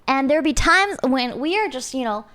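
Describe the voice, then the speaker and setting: Young woman, high voice, very lively pitch, giggly casual stream chat. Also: normal speed. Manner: animated and giggly, talking to chat. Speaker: live streamer.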